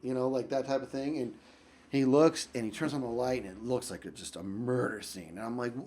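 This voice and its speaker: A young man telling a story on his vlog, very animated, swinging from loud outbursts to low mutters and rambling with lots of restarts. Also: brisk. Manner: rambling, full of likes and restarts. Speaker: YouTube storyteller.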